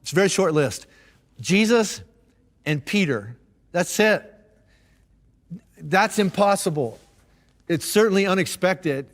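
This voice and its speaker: A male pastor gives a sermon in a loose, chatty way, using slang and stopping to restart his sentences. His voice sits high for a man. The sound rings with the long reverb of a church hall. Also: animated, slow pace, pauses often. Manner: casual and conversational, with slang and restarts.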